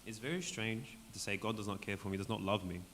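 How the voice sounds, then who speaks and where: Man, Bible study leader, conversational teaching, hoarse voice, long hall reverb, faint noise. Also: on the low side, quick pace, a bit bright. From Australia. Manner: conversational, keeps asking "right?". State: voice going hoarse, clearing throat. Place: church hall with a group.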